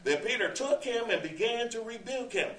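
A man's voice: very high voice, expressive, moderate pace, sharp tone. Echoey, distant male preacher. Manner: conversational, rhetorical questions, quotes scripture. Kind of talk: sermon, verse-by-verse Bible teaching. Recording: echoey room, distant mic.

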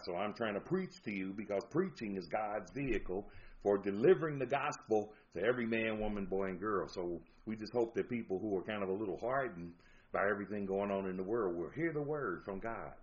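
A man preaching a sermon, reading out scripture verses and pressing his points with emphasis. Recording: dull low-fi recording with faint noise.

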